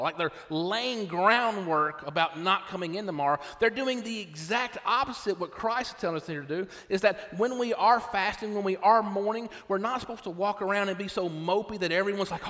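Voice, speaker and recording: A man's voice: sits high, a little fast, hardly any pauses, fairly bright tone. A middle-aged male pastor preaching a sermon in a casual, conversational way, often checking in with "right?". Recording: long reverb of a hall.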